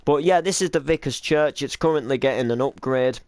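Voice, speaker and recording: A man's voice: mid-range voice, brisk, darkish tone, smooth, dry recording, studio quality. A man who runs a game roleplay series, chatting casually and rambling with many hesitations and restarts. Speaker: roleplay series creator and cameraman. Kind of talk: casual chat.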